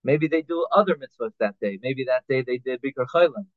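A man's voice: mid-range voice, a little fast, dry recording. Man teaching Talmud law on a tinny line. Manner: reads Hebrew phrases then explains them in English, with restarts and fillers. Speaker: Torah teacher. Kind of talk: halacha class, translating Hebrew text line by line. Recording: tinny phone-like line, dry.

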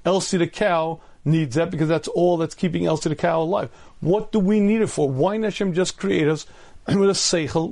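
A man in his fifties, a rabbi giving a storytelling Torah lecture, often clearing his throat and using humor. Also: sits high, a little mellow. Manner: humorous, acts out voices in anecdotes.

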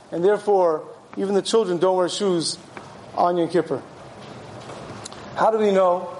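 A man's voice: sits high, roomy sound, a little hiss or hum, rough recording. A man who sounds like a rabbi, giving a sermon and telling stories with animation. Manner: animated storyteller acting out voices. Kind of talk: sermon with storytelling.

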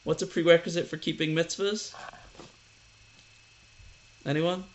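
A male teacher with a slightly high voice gives a casual lesson, speaking conversationally and tossing questions to the class. His storytelling is animated, and he often stresses his point with energy. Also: unhurried.

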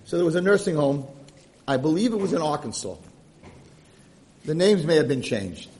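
A male lecturer telling a story in a lively, animated way, his voice sitting a little high. He stumbles and repeats words as he builds momentum. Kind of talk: storytelling lesson.

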